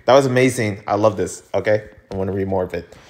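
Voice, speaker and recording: A man's voice: fairly low pitch, quick pace, darkish tone, a little hiss or hum. A man reading a webtoon aloud on his channel, giving casual, jokey reaction commentary and laughing often. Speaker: webtoon reader.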